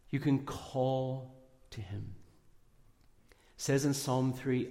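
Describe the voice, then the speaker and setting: Man, pastor, sermon, earnest, prayerful, middle-pitched, reverberant hall. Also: slow pace, gravelly, pauses often. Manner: earnest, prayerful, rises in emphasis then softens. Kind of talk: Easter sermon. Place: church.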